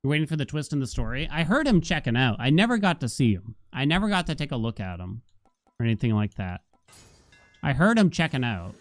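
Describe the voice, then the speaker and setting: A man's voice: mid-range voice, very animated, a little fast, no echo. Chatty male streamer telling stories. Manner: chatty storytelling, acts out quotes. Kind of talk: casual gaming stream chat.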